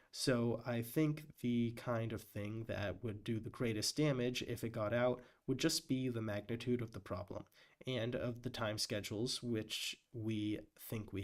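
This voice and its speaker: Guy reading cautious physicist witness lines, even mid voice, slow plain delivery. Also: medium pitch, natural voice. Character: male physicist testifying, measured and cautious.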